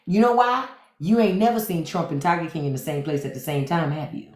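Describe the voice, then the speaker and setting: A woman's voice: on the low side, brisk, a little mellow, echoey room. A woman hosting a live stream, ranting about politics to her chat in a profane, sarcastic, mocking way. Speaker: podcast host on a live stream. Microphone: phone.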